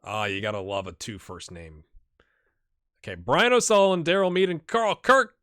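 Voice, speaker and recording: A man hosting a game channel, giving chatty, excitable live commentary while he plays and talking straight to his viewers. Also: a little high, moderate pace, dry recording, studio quality. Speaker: gaming channel host.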